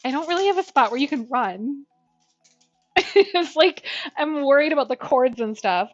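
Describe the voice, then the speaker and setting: A woman's voice: lively intonation, normal speed, no echo, highs cut off, soft background music. A young woman chatting casually through a cooking livestream, talking to her viewers. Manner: chatty, talks to her dog in a high baby voice. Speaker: streamer.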